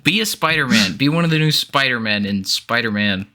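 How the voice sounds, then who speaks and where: A man co-hosting a casual podcast chat, crisp bright voice, quick to laugh and swear, animated delivery. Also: mid-range voice. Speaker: podcast co-host.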